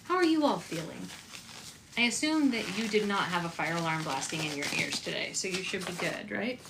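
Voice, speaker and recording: A woman with a slightly low voice chats upbeat and casually with her stream viewers while she makes slime. Steady noise and crinkling sit under her voice. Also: fairly quick. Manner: chatty, upbeat, talks to viewers while working. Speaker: slime maker hosting a live stream. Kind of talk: casual live-stream chat.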